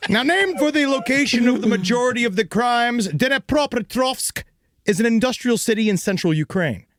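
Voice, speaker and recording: A man's voice: very high voice, expressive, moderate pace, a bit bright. An American man hosting a comedy podcast, narrating a true crime story in a playful, theatrical way. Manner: playful, theatrical, laughs often.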